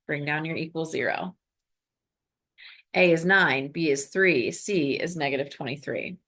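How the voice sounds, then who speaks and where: A woman teaches math on a recorded lesson video, coaching her students through every step with upbeat energy. Her voice sits a little low. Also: a little slow, a bit bright.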